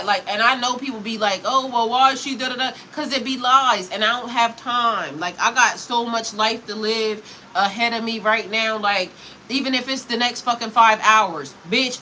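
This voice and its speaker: A woman's voice: medium pitch, bright, forceful tone, a little hiss or hum, poor audio. A woman spiritual coach in a heated, profane, emphatic livestream rant.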